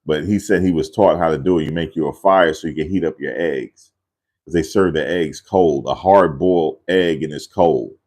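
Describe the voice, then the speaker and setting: A man's voice: a bass voice, normal speed, a little mellow. A man casually telling a rambling family story in a loose, slangy way, often repeating himself.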